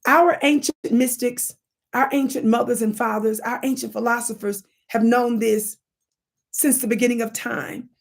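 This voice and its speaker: A woman hosting a spiritual livestream, teaching in an emphatic, preacher-like way, asking her audience rhetorical questions and thanking viewers for their comments. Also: fairly high pitch. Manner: reads viewer comments aloud and thanks them warmly. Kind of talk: live-streamed spiritual teaching.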